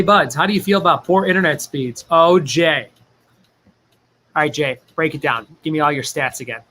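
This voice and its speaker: A man's voice: a little high, bright, forceful tone. A man hosting a casual livestream trivia game, joking, laughing often and reading viewer chat aloud.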